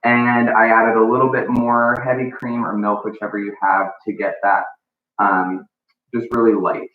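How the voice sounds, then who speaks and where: A man's voice: lowish voice, flat delivery, moderate pace, soft background music. A man giving a live baking lesson in a casual, chatty way, full of ums and likes, in what sounds like a home kitchen. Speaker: baking instructor. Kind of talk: live cooking demonstration. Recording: echoey room, far from mic, phone-like sound.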